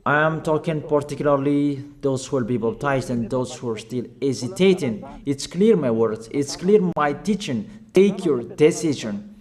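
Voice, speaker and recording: A man's voice: mid-range voice, animated, moderate pace, hardly any pauses, darkish tone. A man preaching a sermon in non-native English with grammar slips, delivering urgent, emphatic exhortations and repeating his commands.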